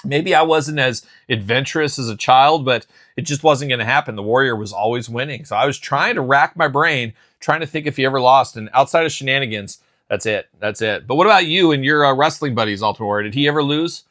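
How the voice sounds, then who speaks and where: A man hosting a show, chatting and telling stories in an animated, casual way. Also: mid-range voice, a little fast, hardly any pauses, dry recording, studio quality. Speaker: host. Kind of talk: casual chat.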